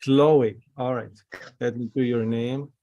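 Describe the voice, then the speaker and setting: A man teaching an online Hebrew class, taking his time as he names each letter and vowel mark. His voice is dry and close on a video-call mic, and his pace is slow and careful. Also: mid-range voice, steady tone, mellow, no echo, muffled recording. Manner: patient, spells out letters slowly.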